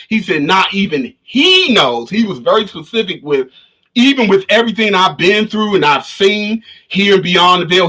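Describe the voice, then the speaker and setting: A spiritual vlogger with a high, husky voice tells a story casually to his livestream audience. His tone is bright and forceful, and he rambles, restarting and repeating himself a lot. The sound comes through the camera of his livestream setup.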